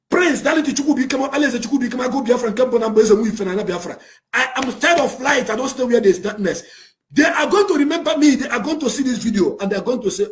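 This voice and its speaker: A man with a Nigerian accent, speaking as an activist to camera, talks fast with lively intonation. His heated rant swings between shouts and low, intense moments.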